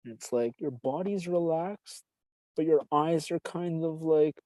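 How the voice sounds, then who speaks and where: A man's voice: fairly high pitch, measured pace, warm tone, no room sound, low-quality recording. A man hosting a podcast, telling a long rambling personal story in a casual, profane way and calling the listener brother. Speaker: podcast host.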